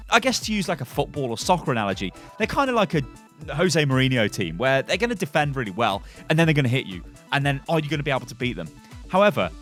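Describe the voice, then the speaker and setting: Lively British man giving gaming news. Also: on the high side. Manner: animated, opinionated, chatty with fillers. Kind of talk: casual news commentary.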